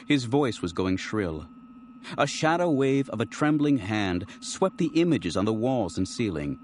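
A man narrating an audiobook in an expressive, dramatic reading style. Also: on the low side, normal speed, a little hiss or hum. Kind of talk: scripted narration.

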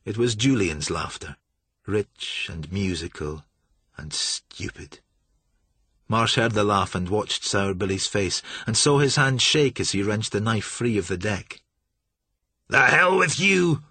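A man reading a novel aloud as an audiobook narrator, measured and steady. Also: on the low side, husky, no echo.

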